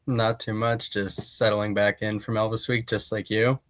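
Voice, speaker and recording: A young man from Pennsylvania, a guest in a casual interview, telling his story in a relaxed, friendly way. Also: lowish voice, moderate pace, no room sound. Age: young adult.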